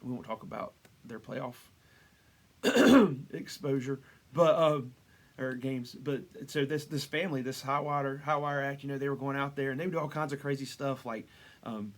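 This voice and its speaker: This pastor, a man with a mid-range voice, delivers a casual devotional sermon conversationally. He restarts frequently, wanders into asides, and lifts his voice on rhetorical questions.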